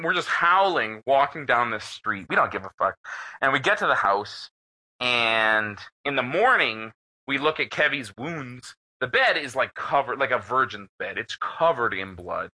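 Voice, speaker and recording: A man's voice: mid-range voice, poor audio. A middle-aged man co-hosting a podcast, telling a rowdy story in a loose, profane, laughing way. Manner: animated, profane, laughs while telling stories. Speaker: podcast co-host. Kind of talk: casual storytelling chat.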